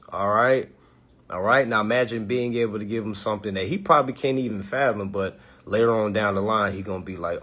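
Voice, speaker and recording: A man making a casual sales pitch, checking in with "all right?" after nearly every point. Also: a little fast, a bit bright. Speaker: estate planning seller.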